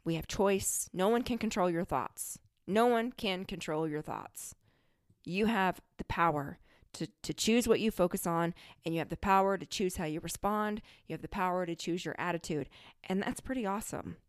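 A woman's voice: fairly low pitch, normal speed, no echo, studio quality. A woman hosting a spiritual healing talk, coaching her listeners in an earnest, direct way. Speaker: spiritual healer and podcast host.

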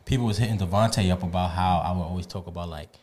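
A man's voice: low-pitched, racing, a little mellow, a little hiss or hum. A young man co-hosting a casual group podcast, blunt, provocative and insistent. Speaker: podcast co-host.

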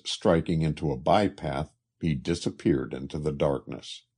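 A man narrating a literary travel story in a measured way. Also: low voice, dark tone, breathy edge.

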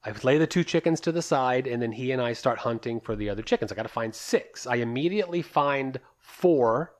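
A man's voice: mid-range voice, expressive, brisk. A man co-hosting a podcast who recounts events step by step in casual, matter-of-fact chat. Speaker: podcast co-host.

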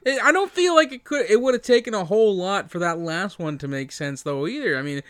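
A Canadian man co-hosting a comedy movie podcast, tossing in wry pop-culture quips with some halting restarts. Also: high voice, expressive, no room sound. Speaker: podcast co-host. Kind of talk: casual comedic movie review.

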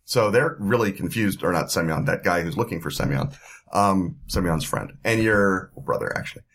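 A man's voice: deep voice, lively intonation, moderate pace, fairly bright tone, slightly rough. A man narrating as game master for a tabletop game, rambling with fillers and sound effects.

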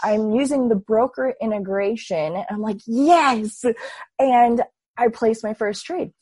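A woman in her twenties, a guest telling her story in a casual, animated way and acting out her own past thoughts. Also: a little high, normal speed, breathy edge, dry recording. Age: 20s. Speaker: interview guest.

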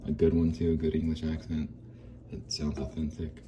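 Deep-voiced man rambling on his podcast. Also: monotone, moderate pace, mellow, a little hiss or hum, poor audio. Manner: rambling, jokey, self-deprecating. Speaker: podcast host. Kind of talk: rambling solo podcast talk.

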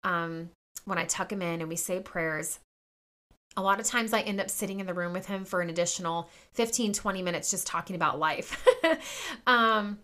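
A woman's voice: on the low side, moderate pace, sharp tone. A woman in her thirties hosting a podcast, telling a personal story in a chatty way, full of fillers and quoted dialogue. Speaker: podcast host. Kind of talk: casual personal talk to listeners.

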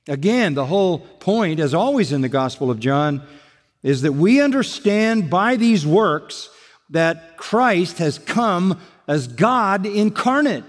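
A man's voice: high voice, very animated, slow pace. Older male preacher in a reverberant hall. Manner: emphatic preaching with repeated phrases. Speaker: pastor. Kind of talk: sermon. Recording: long reverb of a large hall.

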